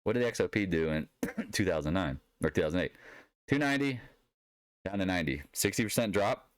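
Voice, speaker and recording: Blunt, sarcastic deep-voiced man. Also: animated, a little fast, no room sound. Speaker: market commentator. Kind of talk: solo market recap commentary.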